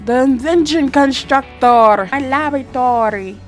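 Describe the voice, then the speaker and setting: A woman commenting casually on a life-simulation game, chatty and excitable, often laughing and doing quick voices. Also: on the high side. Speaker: gaming vlogger. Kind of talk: casual let's-play commentary. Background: background music.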